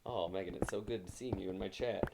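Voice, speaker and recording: A deep-voiced man with a gravelly, creaky edge, chatting loosely with his livestream audience in a rambling, self-mocking way. He speaks into a close mic, and loud noise runs under the recording. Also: a little fast. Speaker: game streamer. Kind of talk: casual livestream chat while gaming. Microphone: new mic mounted close in front of him.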